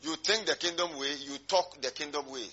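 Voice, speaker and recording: A man's voice: a little high, normal speed, bright, forceful tone, breathy edge, muffled recording. A male pastor preaching a sermon, emphatic and rhetorical, drawing call-and-response from his congregation.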